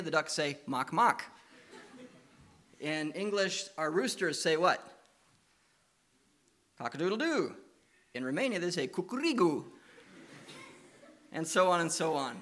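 A man preaching a sermon. He tells lively stories and coaxes the children with questions. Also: on the high side. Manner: lively anecdotal storytelling, coaxing questions to children.

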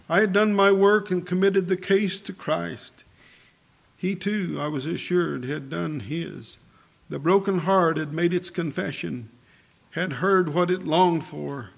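A man's voice: on the high side, vocal fry. A man preaching a sermon and telling a story in an earnest, fervent way.

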